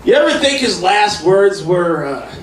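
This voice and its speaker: A man doing stand-up with impressions, swearing a lot and jumping into loud shouted bits. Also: high voice, sing-song, measured pace, distant mic. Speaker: stand-up comedian. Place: comedy club stage. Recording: roomy club sound from off mic.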